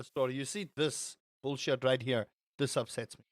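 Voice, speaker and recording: A man's voice: a little high, normal speed, few pauses, a bit bright. Rambling young man streaming to chat. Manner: rambling, repeats words, swears. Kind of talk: casual live-stream chat while gaming.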